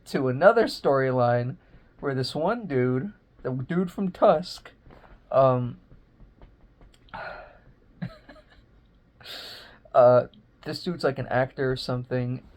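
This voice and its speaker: A man's voice: mid-range voice, a little mellow. Young man rambling through a profane movie recap. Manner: rambling, profane and slangy, full of fillers. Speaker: movie reviewer. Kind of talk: casual spoiler recap.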